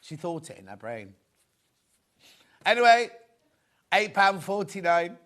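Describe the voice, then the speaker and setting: A man's voice: high-pitched, sing-song, measured pace, a bit bright. A man presenting fabrics on a live TV shopping show, chatty and rambling, full of anecdotes.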